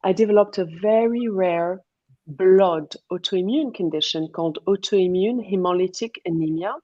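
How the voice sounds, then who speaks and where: A woman's voice: mid-range voice, moderate pace, dark tone, no echo, highs cut off. A woman with a slight French-tinged accent, a guest on a radio show, talking chattily and laughing easily. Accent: French-educated. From half Moroccan, half Iranian. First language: not English. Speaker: guest nutritionist. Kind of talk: radio interview.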